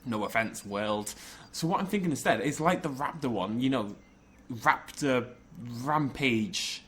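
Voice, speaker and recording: Lively chatty man playing a game. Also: medium pitch, a little fast. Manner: chatty, jokey, rambling with self-corrections. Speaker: gaming YouTuber. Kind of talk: casual game commentary.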